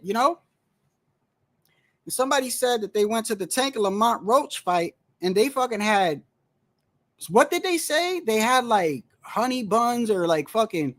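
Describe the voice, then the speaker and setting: A man's voice: high-pitched, expressive, unhurried, a bit bright, no room sound. A man talking casually about boxing in a rambling, slangy, profane way. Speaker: boxing commentator. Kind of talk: casual solo boxing talk.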